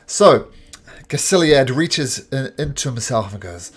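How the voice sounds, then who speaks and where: A male game master running a tabletop game. His pitch moves all over as he narrates. His delivery is lively and chuckling. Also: slow, pauses often, husky.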